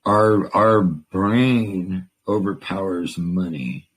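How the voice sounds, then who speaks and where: A man's voice: sits low, drawn-out words, slight background noise. A man hosting a casual live call-in chat, effusive and cutting in with big spiritual claims. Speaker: host.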